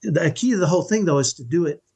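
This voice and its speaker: A man's voice: fairly high pitch, animated, fast talker, creaky, a little mellow, breathy edge. A middle-aged man speaking as a podcast guest in an earnest, emphatic way, often checking in with "right?". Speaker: podcast guest, parenting coach. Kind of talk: conversational interview.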